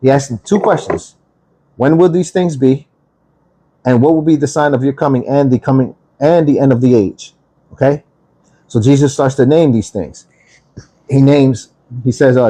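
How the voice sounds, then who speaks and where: A man with a mellow, darker-toned voice giving a livestream Bible lesson. He reads verses aloud and then breaks them down in plain talk, often pausing to ask "okay?" and "right?" to keep listeners with him. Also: mid-range voice, breathy edge. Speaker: bible teacher.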